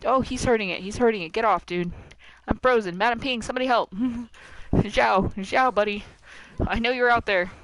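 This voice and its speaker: Smooth, playful game streamer. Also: medium pitch, normal speed, hardly any pauses, fairly bright tone, no echo, rough recording. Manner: playful, dramatic, talks to the game characters. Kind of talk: playing a video game and commentating live.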